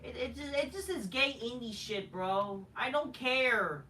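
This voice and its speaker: A man rants through a wrestling review, profane and dismissive, stumbling over restarts. His voice is bright and forceful. The sound is roomy, with the mic set a little away from him and faint noise underneath. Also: very high voice, lively intonation, a little slow, recorded from a distance.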